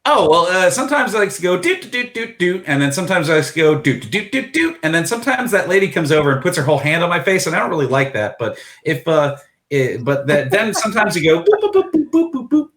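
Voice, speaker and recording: A man doing a chirpy squeaky talking touchpad. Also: very animated, fast, a bit bright, echoey room. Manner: sing-song, childlike, beeping.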